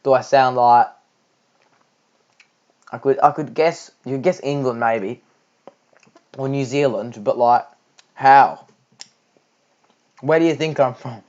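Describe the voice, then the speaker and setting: Young Australian male cricket caller, rambling fan commentary, mid-pitched, slightly dull home mic. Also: slow pace, pauses often, a little mellow. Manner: chatty, rambling, many fillers and restarts. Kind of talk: homemade live cricket commentary.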